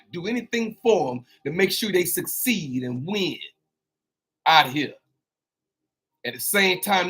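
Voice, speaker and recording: High-voiced man preaching motivational talk. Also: fairly bright tone, slightly rough. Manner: repeats lines, call-and-response asides; drawn-out exclamations. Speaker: motivational host.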